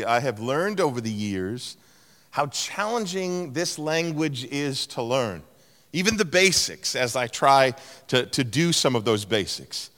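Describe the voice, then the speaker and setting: A middle-aged man preaching a sermon in a large church, telling stories and playfully mimicking voices. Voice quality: animated storytelling with playful mimicry of a higher-pitched tone. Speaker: pastor. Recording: long hall reverb.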